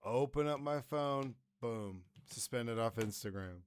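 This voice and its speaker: A man hosting a podcast, chatting in a laid-back, drawn-out way. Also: mid-range voice, slight background noise. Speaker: podcast host. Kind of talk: casual podcast chat.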